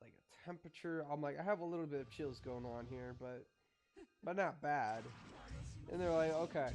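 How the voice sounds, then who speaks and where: A man's voice: a little high, darkish tone. A young man telling a story in a casual, rambling way, swearing freely and acting out both sides of each exchange. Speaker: vlogger.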